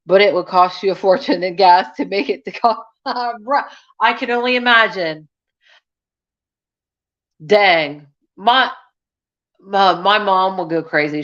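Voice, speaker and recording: With a medium-pitched, fairly bright voice, a woman hosting a casual livestream talks with her audience and reads their comments aloud. She rambles through stories, restarting often and using plenty of fillers, and the audio has its highs cut off.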